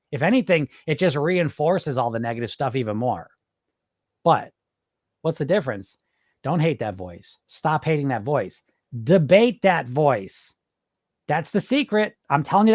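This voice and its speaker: A man's voice: on the high side, moderate pace, dry recording, clean studio sound. A man hosting a podcast as a weight loss coach, talking bluntly and with swearing, acting out voices in his head. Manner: blunt, animated, swears freely, acts out inner voices. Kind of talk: casual podcast monologue.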